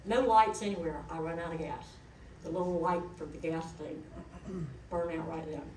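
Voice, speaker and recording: A woman's voice: low-pitched, fairly even intonation, normal speed, a little mellow, recorded from a distance, slight background noise. Woman telling folksy stories, echoey hall. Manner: folksy, chatty storytelling. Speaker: eulogist, daughter of the deceased. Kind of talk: eulogy told as personal stories.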